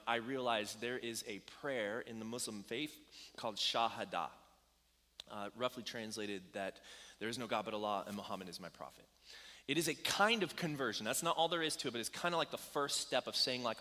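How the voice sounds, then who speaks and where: A man's voice: a little high, bright, forceful tone. A man preaching a sermon to a congregation in a church hall, telling a story in a casual, conversational way with ums and likes. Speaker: pastor. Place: church hall with about ninety people.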